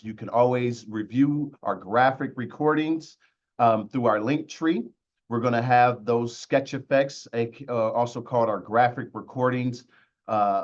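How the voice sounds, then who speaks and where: A man hosting a webinar with lots of energy, giving shout-outs in a loose, slangy way over a video call. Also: medium pitch, dull audio. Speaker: webinar host.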